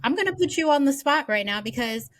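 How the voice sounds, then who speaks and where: A woman's voice: sits high, animated, quick pace. A woman hosting a podcast interview, asking curious questions in a supportive way. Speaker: podcast host. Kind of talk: casual interview chat.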